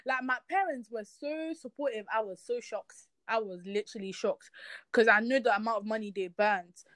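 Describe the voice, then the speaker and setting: Young woman, interview guest; bright, slightly high voice, dry close sound, animated storyteller who turns earnest when she talks about faith. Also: normal speed, no room sound. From Nigeria. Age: young adult. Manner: lively storytelling, acting out quoted voices. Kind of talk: casual interview chat.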